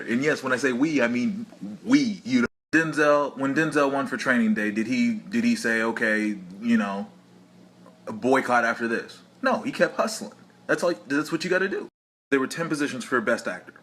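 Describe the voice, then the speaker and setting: Animated man ranting for laughs. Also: a little fast, a little hiss or hum. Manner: animated, jumpy emphasis with sudden high pitch leaps. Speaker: vlogger. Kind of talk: comedic rant to camera.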